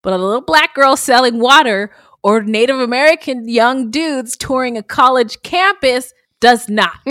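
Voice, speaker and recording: A woman co-hosting a podcast in casual chat, animated and blunt, swearing freely. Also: fairly high pitch, normal speed, no room sound, studio quality. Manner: animated, swearing, bursting into laughter. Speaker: podcast co-host.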